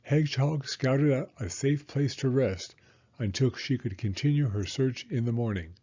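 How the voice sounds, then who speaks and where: A man reading a children's picture book aloud in an expressive, animated storytelling manner. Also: mid-range voice, normal speed, husky, lo-fi sound. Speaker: storybook reader.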